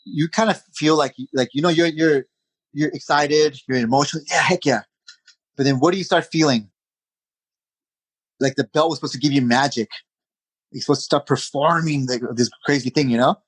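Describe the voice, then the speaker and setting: A man, a jiu-jitsu instructor, chatting as a podcast guest in an energetic, conversational way, with lots of "you know" and "man.". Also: on the high side, moderate pace, pauses often, breathy edge, dry recording, low-quality recording. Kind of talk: casual interview chat.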